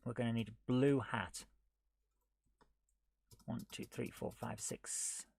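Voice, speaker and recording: A man streaming himself coding a retro game live, thinking aloud, muttering half to himself and scolding his software. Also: mid-range voice, fairly even intonation, takes it slowly, gravelly, slight background noise. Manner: muttering to himself while he works, often dropping to a near whisper; chatty and self-mocking, scolding the software.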